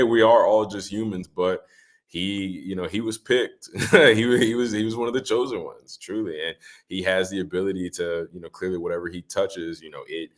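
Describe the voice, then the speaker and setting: Deep-voiced young man telling stories casually. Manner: relaxed, rambling with many "like" fillers, acts out quotes. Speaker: guest, former running back. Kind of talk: casual podcast storytelling.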